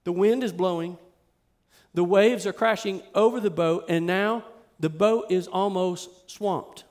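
Male pastor, high voice, casual-to-fervent sermon delivery. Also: a little slow, a little mellow. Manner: conversational, emphatic preaching that swells in intensity. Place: church sanctuary with a live congregation.

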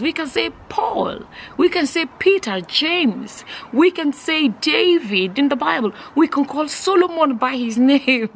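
A woman from Nigeria speaks to her camera in a casual opinion vlog. Her voice sits a little high. She sounds exasperated and incredulous, stressing her words as she goes. A faint hum of ambience runs under the recording. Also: low-quality recording. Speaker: vlogger.

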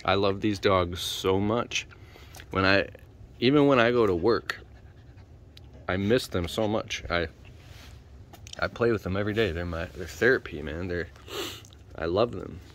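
A man at home filming his dogs, chatting casually and switching between hushed whispers and excited shouts. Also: deep voice, unhurried, long pauses. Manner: talks to his dogs in baby talk. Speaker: dog owner filming his pets. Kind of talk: casual chat. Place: home basement.

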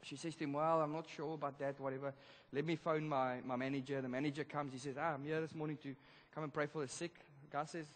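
A male pastor telling a story in a sermon, animated, swinging between loud emphasis and hushed moments. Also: a little high, fast, few pauses. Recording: long church hall reverb.

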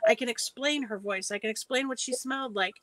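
A woman's voice: on the high side, brisk, a bit bright, no echo, low-quality recording. Firm, emphatic woman in a dry room. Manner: firm, emphatic about her own way of working. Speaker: guest psychic medium. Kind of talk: casual chat.

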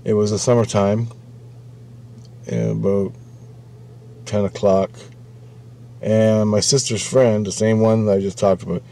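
A man's voice: on the low side, fairly even intonation, unhurried, vocal fry, pauses often, dark tone. A man casually telling a rambling story about a friend, repeating himself and swearing freely. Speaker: vlogger.

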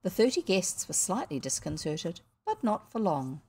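Expressive New Zealand woman reading a story. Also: fairly low pitch, normal speed, breathy edge. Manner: expressive, occasional slips and restarts. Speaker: audiobook reader.

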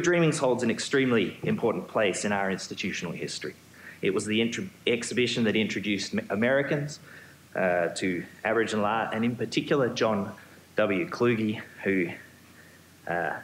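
Low-ish guy giving a museum talk on stage, steady with some ums, roomy hall sound. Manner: measured, with ums and restarts. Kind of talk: prepared lecture. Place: auditorium stage. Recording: echoey hall, faint hum.

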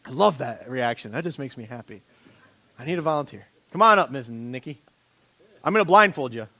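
A man preaching a sermon as pastor, animated and conversational, joking with a volunteer on a church stage. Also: mid-range voice, brisk. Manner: animated, rising to loud impassioned preaching.

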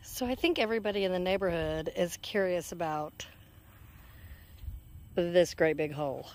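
A woman's voice: lowish voice, normal speed, a little hiss or hum. A woman chatting casually to her phone camera while walking outdoors on a neighborhood road, a little out of breath. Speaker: vlogger. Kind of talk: casual walking vlog chat. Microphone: handheld phone camera.

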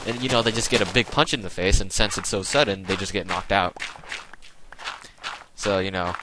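Background noise accompanies this young gaming host as he plays a video game and wanders off into joking tangents during his rambling let's-play commentary. He speaks at a moderate pace in a low-pitched voice.

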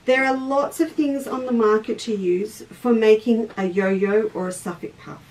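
A woman's voice: fairly high pitch, normal speed, a little mellow, recorded from a distance, poor audio. Chatty Australian woman teaching sewing. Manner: chatty, stops mid-task to greet viewers by name. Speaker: craft teacher and shop host. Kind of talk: live sewing demonstration. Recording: voice a little off-mic, faint background noise.

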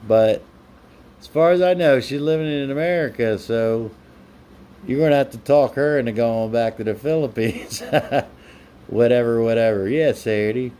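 Here a man speaks at a measured pace in a mellow, medium-pitched voice, answering live-stream comments he reads aloud with playful teasing. It's a casual chat, with slight background noise.

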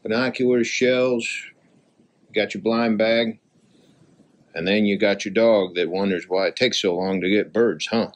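A man vlogging outdoors on a hunting trip, chatting casually and coaxing his dog along in a fond, high, sing-song voice. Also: steady tone, unhurried, long pauses. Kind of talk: casual outdoor vlog narration. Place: outdoors by a river in the wind.

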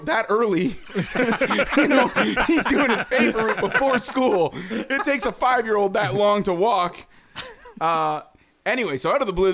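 A man in his forties hosts a podcast and tells a story from his childhood, with a lively voice that rises and falls a lot and sits a bit high. He laughs often and swears freely. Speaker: podcast host. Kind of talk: casual storytelling chat.

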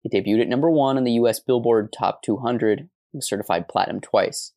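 A podcast co-host who reads scripted narration in a steady manner and chats between the reading. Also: medium pitch, brisk.

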